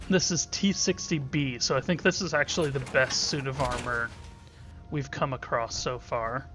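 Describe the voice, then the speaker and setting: A man's voice: mid-range voice, steady tone, moderate pace, bright, forceful tone, faint music behind. A man giving casual gameplay commentary as a let's play host, joking and irreverent, thinking aloud. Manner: joking, irreverent, talks to himself.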